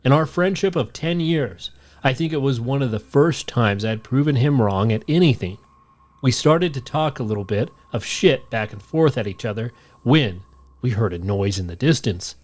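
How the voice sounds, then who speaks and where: Male podcast co-host, mid-pitched, steady storytelling read of a listener tale. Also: normal speed. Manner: steady storytelling read, shouts out the quoted lines. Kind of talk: reading a listener story aloud.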